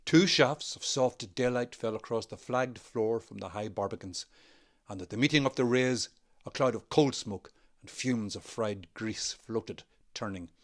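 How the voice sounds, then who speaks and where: A man with a Northern Irish accent, an actor reading a novel aloud in a measured, expressive way. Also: mid-range voice. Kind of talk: literary reading.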